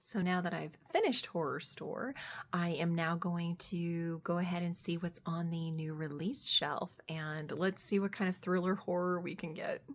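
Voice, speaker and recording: Giggly, excitable woman book vlogger. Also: fairly low pitch, moderate pace. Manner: excitable, giggly, many fillers. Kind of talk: casual vlog book review.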